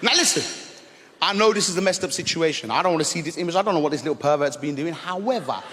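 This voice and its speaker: A man performs stand-up on a big theatre stage, his voice sitting a little high for a man. He lurches between loud outbursts and quiet muttered asides as he tells his story. The mic picks up a long hall reverb and a faint murmur of the crowd. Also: expressive, fast, slight background noise. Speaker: stand-up comedian. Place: large theatre stage with audience.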